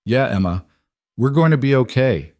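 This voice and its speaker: A man voicing a tired, struggling single father who speaks gently and reassuringly. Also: mid-range voice, expressive, moderate pace, dry recording, studio quality, voice pushed up, close to an everyday voice. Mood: tender.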